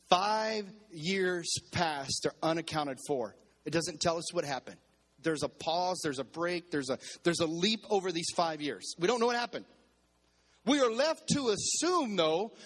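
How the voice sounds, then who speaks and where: A male pastor preaches to his church in a fairly high voice. He calls on the congregation to answer back, and he repeats and restarts phrases as his delivery builds in intensity. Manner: preaching with call-and-response to the congregation. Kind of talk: sermon.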